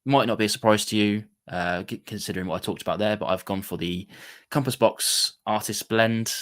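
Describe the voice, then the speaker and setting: A man's voice: lowish voice, fairly even intonation, a little fast. A man hosting a casual whisky livestream, chatting in a rambling way with lots of fillers and restarts. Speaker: whisky show host.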